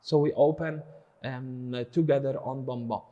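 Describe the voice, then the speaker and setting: A man's voice: mid-range voice, steady tone, unhurried, narrow, tinny audio. A man teaching a follow-along dance lesson, explaining rhythm and counting the beat aloud.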